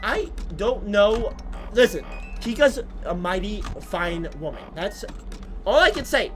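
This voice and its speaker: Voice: mid-range voice, big pitch swings, a little slow, fairly bright tone, soft background music. Playful game streamer joking with chat. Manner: playful, jokey, talks to chat. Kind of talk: casual gameplay commentary.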